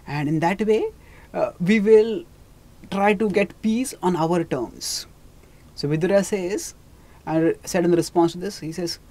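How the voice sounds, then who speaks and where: A religious teacher retelling scripture in a lecture, speaking haltingly with restarts on names and quoting the characters. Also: mid-range voice, darkish tone.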